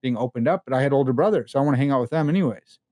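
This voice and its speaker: A young man as a podcast guest, telling personal stories in a candid, animated way full of casual slang and fillers. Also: medium pitch, racing, no room sound. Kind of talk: casual conversation.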